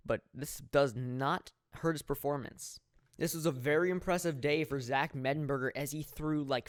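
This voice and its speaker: A young man commentating his own football video game in a mock sports play-by-play style, jokey and laughing at his plays, swelling with excitement on big moments. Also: medium pitch, clear, resonant tone, no echo, clean studio sound. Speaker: gameplay commentator.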